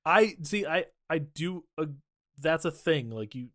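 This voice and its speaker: A man's voice: fairly high pitch, measured pace, no echo, studio quality. A man co-hosting a podcast, casually recapping a film with lots of swearing and quoted lines. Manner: profane, animated retelling with quoted voices. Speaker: podcast co-host. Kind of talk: casual movie-recap chat.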